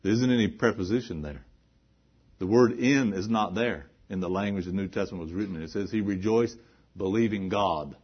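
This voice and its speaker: A man preaching a sermon in a low, husky voice, dropping to hushed earnest talk and then rising to loud, emphatic preaching. He keeps putting rhetorical questions to the congregation. The recording is muffled and lo-fi. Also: a little fast.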